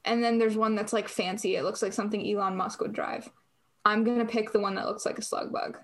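A young woman co-hosts a podcast, chatting casually and rambling with plenty of fillers and restarts. Her medium-pitched voice is steady and fairly bright, and she talks briskly.

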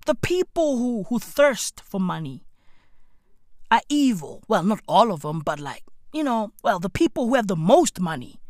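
A woman's voice: on the high side, big pitch swings, moderate pace, no room sound, clean studio sound. A woman with a South African accent, ranting in profane comic commentary and swearing heavily. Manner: rants loudly with heavy swearing and slang. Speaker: comedic commentator.

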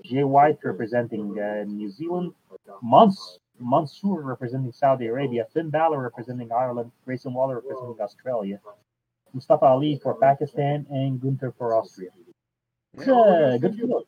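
Over what sounds like a thin, tinny phone connection, a male podcast host chats easily at an unhurried pace and a medium pitch. He keeps saying "uh" in the pauses and regularly backs up to restart his sentences.

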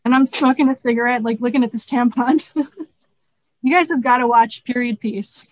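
A woman's voice: fairly high pitch, fairly even intonation, normal speed, no echo, low-quality recording. A woman, a podcast guest, chatting frankly and laughing, with casual swearing.

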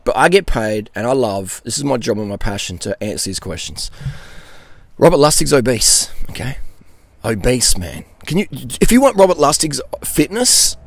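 Blunt, animated middle-aged man. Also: mid-range voice, moderate pace, gravelly, no room sound. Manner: laughs between points. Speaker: nutrition coach. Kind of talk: answering viewer questions in a monologue.

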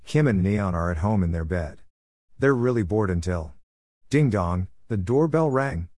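A man reading out a homemade story in a plain, steady way. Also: low-pitched, a little slow, no echo, studio quality.

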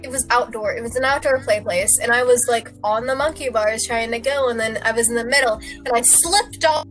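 A woman's voice: fairly high pitch, a little fast, soft background music, rough recording. A young woman casually telling a rambling story, giggling and acting out what people said. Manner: rambling, giggly, acts out quotes. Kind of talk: casual chat.

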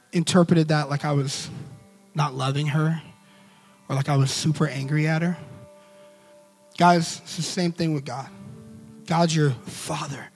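A man preaching a devotional message as an animated, casual storyteller. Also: on the high side.

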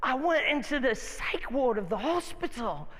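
A pastor imitating his excitable friend with a blended Afrikaans and British accent, telling a story eagerly. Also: extremely high pitch, normal speed, big-room sound, pitched above the performer's own voice, exaggerated voice. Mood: excited.

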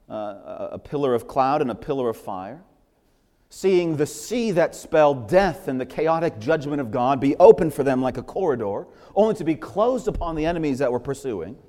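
A man's voice: on the high side, a little mellow. A man preaching a sermon as pastor, impassioned and driving his points home with repeated phrases, in a church sanctuary. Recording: long hall reverb.

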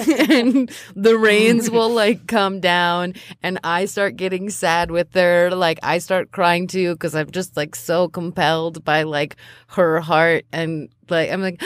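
A woman's voice: lowish voice, fairly even intonation, takes it slowly, no echo. Female player: bubbly, rambling, lots of fillers. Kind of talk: tabletop game play.

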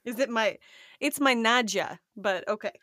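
A woman's voice: on the high side, moderate pace, sharp tone, no echo. Playful woman podcast co-host, dry close mic. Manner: playful, putting on a heavy put-on accent. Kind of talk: casual podcast chat.

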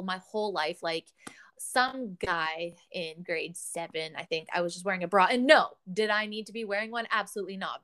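A woman in her thirties hosts a relaxed conversation, her words tumbling out quickly. She is animated and chatty, laughing often and swearing without a second thought. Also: medium pitch. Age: 30s. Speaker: podcast host. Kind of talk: casual chat.

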